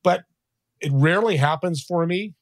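A man's voice: a little high, moderate pace, no echo, clean studio sound. A man speaking as a podcast guest, telling faith-based stories and acting out the people in them. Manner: animated, acts out quoted people in his stories; faith-based, talks of the Holy Spirit. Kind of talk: conversational interview storytelling.

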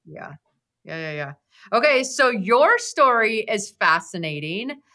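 A woman hosts a podcast interview and sounds eager and encouraging. Her voice has a mid-range pitch and a bright, forward tone. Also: sing-song, a little slow. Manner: enthusiastic, warm encouragement. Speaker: podcast host.

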